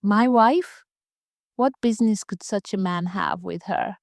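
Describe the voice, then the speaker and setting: A woman's voice: mid-range voice, moderate pace, gravelly, no echo, lightly acted. A woman doing a scornful, arrogant husband. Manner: scornful, dismissive. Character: arrogant mocking husband, a man.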